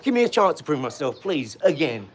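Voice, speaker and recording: A man, ranting on a live stream, loud, mocking and swaggering, full of street slang. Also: on the high side, very animated, brisk, background noise. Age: 40s. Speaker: livestream host. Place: garage.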